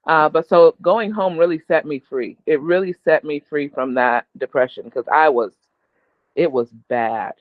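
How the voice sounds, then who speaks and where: Speaking at a measured pace in a deep voice, a woman guest opens up candidly and emotionally about her life, laughing frequently. The recording is dry and tinny, like a phone line.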